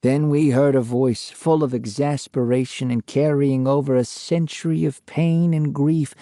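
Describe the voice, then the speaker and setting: An older man narrating a true ghost story in a slow, measured way. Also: medium pitch, steady tone, dark tone, no echo, studio quality.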